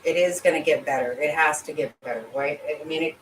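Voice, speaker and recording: A middle-aged woman with a low voice talks briskly while hosting a casual livestream and reading chat. Her replies to viewers are emotional and sympathetic, rambling with many restarts. The rough recording has a roomy sound from a distant mic, with faint ambient noise underneath.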